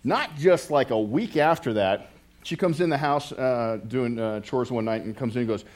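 Middle-aged pastor, casual and conversational, mid-pitched voice, self-interrupting, quick with a joke for the pews. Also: male voice. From United States. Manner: rambling, self-interrupting, with joking asides to the congregation.

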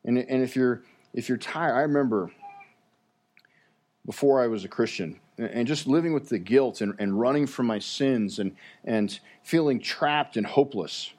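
A man preaching a sermon in an earnest, halting way, often repeating words as he goes. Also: mid-range voice, a little mellow.

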